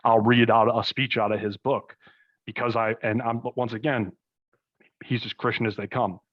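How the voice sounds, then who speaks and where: Young man, podcast guest, casual rambling chat, middle pitch, slightly dull sound. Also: little pitch movement, normal speed. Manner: rambling storytelling full of fillers and asides. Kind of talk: casual conversation. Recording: slightly muffled recording.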